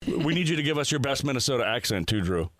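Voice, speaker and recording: A man hosting a morning radio show talks quickly and jokes with his callers, laughing often. His voice sits at a middling pitch. The studio sound is close and dry. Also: big pitch swings, fairly bright tone, no echo. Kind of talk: lively on-air phone banter. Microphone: studio microphone.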